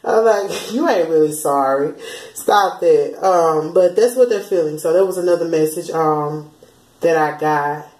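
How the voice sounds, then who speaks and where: A woman's voice: fairly low pitch, darkish tone, roomy sound, low-quality recording. A woman, chatting casually as she passes on spiritual channeled messages, often slipping into quoted voices. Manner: chatty, laughs often, slips into sung lines and quoted voices.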